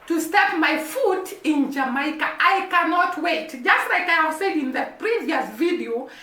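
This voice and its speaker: A woman's voice: sits high, bright, forceful tone, echoey room. A Kenyan woman vlogging to camera in an earnest, repetitive way, building emphasis as she speaks, with a baby crying nearby. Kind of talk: casual to-camera commentary.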